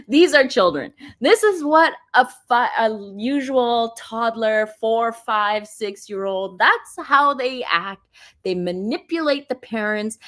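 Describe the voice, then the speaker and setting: A woman, likely in her thirties, hosting a casual livestream, chatting and laughing often while reading viewer comments aloud. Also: mid-range voice. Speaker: livestream host.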